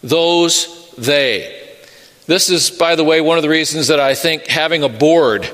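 Middle-aged pastor, earnest sermon delivery, forceful bright tone, slightly high voice. Long hall reverb. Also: male voice. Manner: earnest, storytelling, measured pauses.

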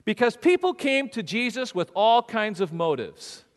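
Animated male pastor preaching in an echoey hall. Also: high voice, normal speed. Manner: animated preaching with acted-out quotes and rhetorical questions. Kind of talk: sermon. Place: church sanctuary.

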